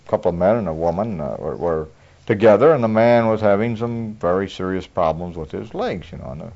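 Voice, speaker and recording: A man preaches in a homespun, folksy sermon, chuckling often between points. His pitch swings up and down with lively emphasis. The recording sounds dull and lo-fi. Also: quick pace, gravelly. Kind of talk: conversational sermon.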